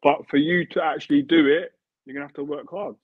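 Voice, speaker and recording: A man's voice: a little high, steady tone, fast, husky, dry recording. A man in his thirties, a former football player, talking earnestly as an interview guest and repeating himself as he builds a point. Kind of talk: casual interview chat. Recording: tinny phone-like remote line, dry.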